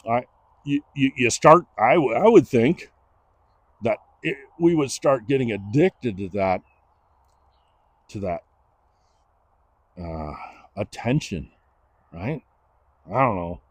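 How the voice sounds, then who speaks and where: A middle-aged man, telling a personal story in a casual, animated way and acting out the voices of the people he quotes. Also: medium pitch, takes it slowly, pauses often, breathy edge. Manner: animated, acts out quoted dialogue.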